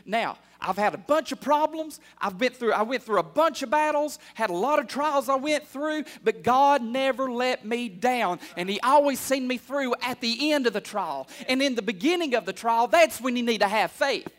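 A man in his thirties preaching a sermon as pastor, calling out for amens and building from quiet asides to fervent shouts. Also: very high-pitched, animated, normal speed, hardly any pauses. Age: 30s. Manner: call-and-response preaching, building to loud fervor.

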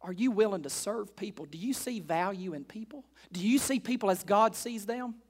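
A male pastor with a high-pitched voice preaches to his congregation in church at a normal speed. He repeats key lines, fires off rhetorical questions, slips into casual asides and swings between hushed and loud, emphatic delivery.

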